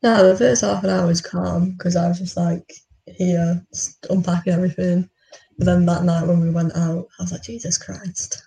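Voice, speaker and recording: A woman's voice: on the low side, flat delivery, moderate pace, gravelly, mellow. Chatty young woman from Stafford, roomy sound. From Stafford, England. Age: young adult. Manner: chatty, laughs often. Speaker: podcast co-host. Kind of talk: casual chat. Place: student room at a university. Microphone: remote call mic. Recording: roomy, distant call audio.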